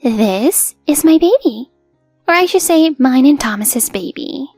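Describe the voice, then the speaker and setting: A woman's voice: high-pitched, sing-song, measured pace, no echo, studio quality, faint music behind, voice pushed up, full character voice. A woman voicing a spoiled, sassy eighteen-year-old younger sister with a cutesy, mocking way of talking. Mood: gloating.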